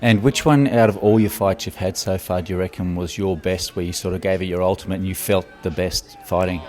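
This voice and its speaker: A man's voice: low-pitched, fairly even intonation, fairly quick, darkish tone. Matey Australian male host. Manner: matey, easygoing, says "mate" a lot. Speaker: show host. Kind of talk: casual interview. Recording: crowd noise behind.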